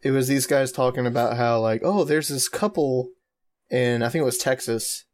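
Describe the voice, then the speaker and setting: A man's voice: medium pitch, steady tone, normal speed. A young man co-hosting a podcast, telling a story in jokey casual chat with giggles. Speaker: podcast co-host.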